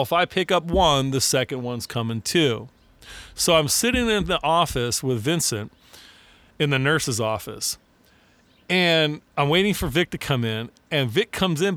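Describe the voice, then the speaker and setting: A man telling lively, profane stories in casual chat, acting out quotes. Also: a little high, moderate pace, no echo. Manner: animated, profane storytelling with acted-out quotes.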